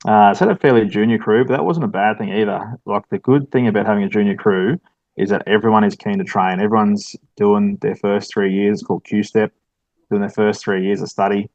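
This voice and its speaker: A man's voice: fairly low pitch, brisk, a little mellow, dry recording, muffled recording. A man with an Australian accent, a firefighter, telling stories casually in an interview with plenty of ums and mates. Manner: laid-back, storytelling with lots of ums and mates. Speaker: firefighter station officer, guest.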